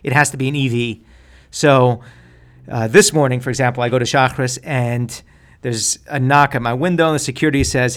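A man talks straight into his podcast, spinning wry everyday gripes into jokes. His delivery is deadpan, with a middle-pitched voice and a casual, rambling monologue rhythm. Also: brisk, clear, resonant tone. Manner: deadpan joking, wry asides. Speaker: podcast host.

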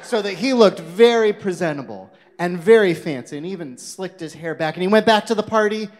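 A man telling a children's sermon story, animated, putting questions to his young listeners. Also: sits high, a little fast, a faint crowd. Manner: animated, asks the audience questions.

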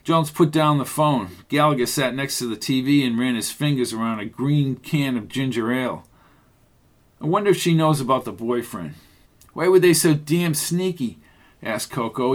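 A man narrating a mystery radio drama in a steady storytelling manner and voicing the detective. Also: medium pitch.

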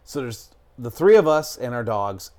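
A man's voice: mid-range voice, big pitch swings, moderate pace, a little mellow. A middle-aged man telling a story in casual chat, rambling and swearing, with lots of fillers. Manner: rambling, profane, lots of "like" and "I'm talking".

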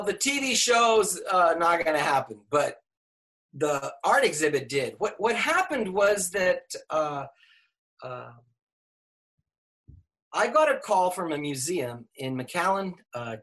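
A man's voice: a little high, a little slow. An older man, an English professor, telling a story in an interview with lots of fillers and restarts. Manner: animated, laughing, many fillers and restarts.

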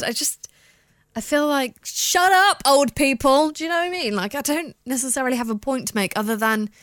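A woman's voice: fairly high pitch, dry recording, clean studio sound. Blunt, sweary woman host. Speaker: podcast and radio host. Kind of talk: casual chat. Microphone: studio microphone.

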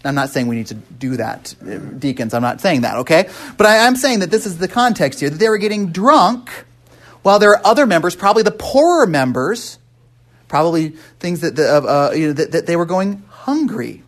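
A man's voice: a little high, expressive, fairly quick, fairly bright tone. Conversational male preacher asking questions. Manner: conversational, asks the congregation questions; frequent restarts and "right?" tags. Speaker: pastor. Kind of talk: interactive sermon.

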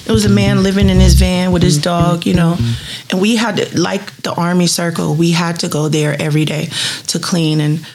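A woman's voice: lowish voice, moderate pace, faint music behind. A woman in her fifties, a street cleaning supervisor, telling earnest, heartfelt stories from her work in an interview. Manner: earnest and heartfelt, with lively retold dialogue. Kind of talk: storytelling in a personal profile interview.

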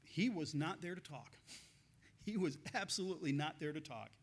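A man's voice: a little high, lively intonation, moderate pace. Chatty storytelling preacher, man. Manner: storytelling with frequent laughs and restarts. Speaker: pastor. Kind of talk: conversational sermon.

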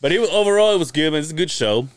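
A man on a casual podcast telling a story in animated fashion, laughing often and swearing freely. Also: fairly high pitch, rapid-fire, noisy background. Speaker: podcast co-host. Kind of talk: casual chat.

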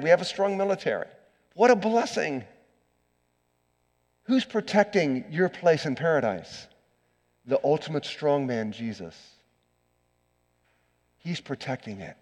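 A middle-aged man preaching an earnest sermon as pastor, swinging from loud emphasis to hushed asides. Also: medium pitch. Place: church sanctuary. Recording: long church reverb.

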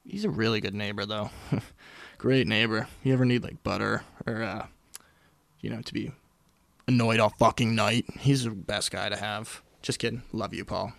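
His voice is lowish, gravelly, and a bit bright, with a steady tone and moderate pace, captured close on a studio mic without room sound. The young host rambles through his solo podcast casually, self-deprecating and jokey, with sudden whispers and put-on voices.

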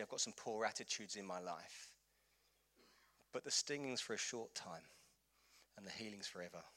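A man's voice: lowish voice, fairly bright tone. A man preaching a sermon as pastor in a church, urging his listeners with rhetorical questions and passionate appeals.

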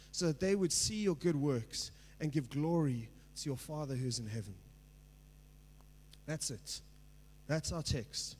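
A man's voice: fairly high pitch, darkish tone. A male pastor preaching a sermon in a conversational way, checking in with the congregation and building to emphatic passages. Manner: conversational preaching with frequent "right?" check-ins.

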